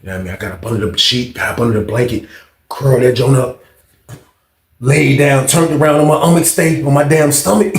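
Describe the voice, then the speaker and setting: A man telling a story casually to his viewers, animated and profane, repeating phrases for emphasis. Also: mid-range voice, a little fast, echoey room.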